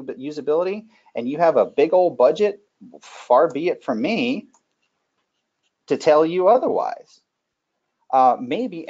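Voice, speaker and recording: A man in the middle of his pitch range talks through a security presentation in a folksy, animated way, dropping in stories and asides. The sound is muffled and lo-fi, like a web session. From Northern Virginia. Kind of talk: conversational webinar presentation.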